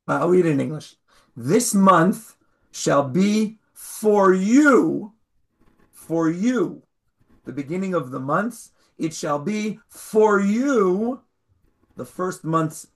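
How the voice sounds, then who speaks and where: A man teaching an online Torah class over a video call, explaining slowly and stressing key words. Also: a little high, gravelly.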